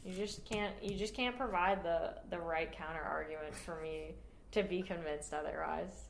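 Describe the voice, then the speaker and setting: A woman co-hosting a podcast in casual chat, playful and quick to laugh. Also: on the low side, steady tone, creaky, a little hiss or hum. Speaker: podcast co-host. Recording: echoey room.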